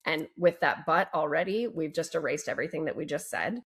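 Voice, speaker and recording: A woman relationship coach speaking as a guest on a podcast interview, upbeat and expressive. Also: deep voice, a little fast. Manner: upbeat and expressive, fond of gentle emphasis.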